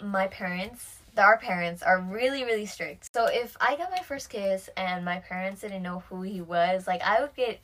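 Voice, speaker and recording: A woman's voice: mid-range voice, moderate pace, hardly any pauses, a bit bright. A teenage girl co-hosting a casual podcast, laid-back and hesitant, often trailing off. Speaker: podcast co-host. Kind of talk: casual chat.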